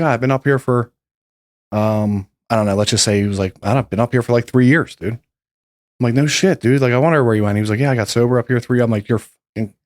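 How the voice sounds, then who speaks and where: A man's voice: on the low side, darkish tone, no echo. A man hosting a podcast, telling a story in a loose, rambling way and swearing freely. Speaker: podcast host. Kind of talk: casual storytelling chat.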